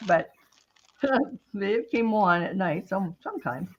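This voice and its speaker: A woman in casual chat, an animated storyteller who laughs often. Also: medium pitch, slow, slight background noise. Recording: dull lo-fi stream audio.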